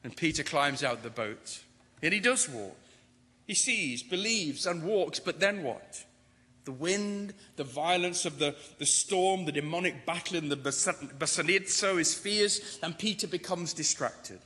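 A man's voice: a little high, expressive, pushed and bright. Man preaching in a reverberant hall. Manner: rhetorical, building repetition with slowed emphasis. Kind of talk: sermon. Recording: long reverb of a large hall.

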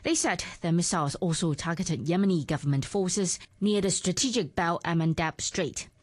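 A woman reporter reading a scripted news report in a crisp, even way. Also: on the low side, normal speed, dry recording.

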